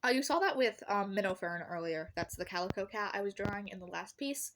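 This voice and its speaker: A woman's voice: mid-range voice, animated, fairly quick, fairly bright tone, slight background noise. A teenage girl talking casually about art as a vlogger, chatty and sarcastic, laughing often and swearing now and then. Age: teens. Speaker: artist vlogger. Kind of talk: casual chat.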